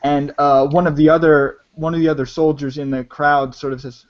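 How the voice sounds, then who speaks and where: A man's voice: a little high, little pitch movement, fairly quick, few pauses. A man narrating as game master of a tabletop game, talking hesitantly with many restarts. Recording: dull lo-fi audio.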